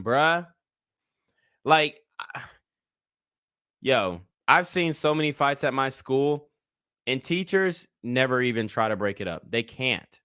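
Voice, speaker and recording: A man's voice: medium pitch, lively intonation, slow, long pauses, sharp tone, smooth, no room sound, studio quality. A man in his twenties giving casual livestream commentary, a blunt and profane rambling storyteller.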